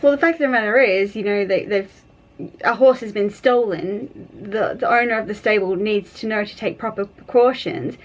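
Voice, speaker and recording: A woman's voice: medium pitch, moderate pace, a little hiss or hum. A young adult woman hosting a reaction video, exasperated and nitpicking, laughing at what she watches. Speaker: equestrian reaction host. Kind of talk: reaction commentary.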